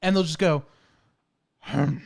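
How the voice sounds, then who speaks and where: A man co-hosting a casual podcast chat, telling lively stories and acting out his dog's noises. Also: sits high, normal speed. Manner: animated storyteller, acts out his dog's noises. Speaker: podcast co-host.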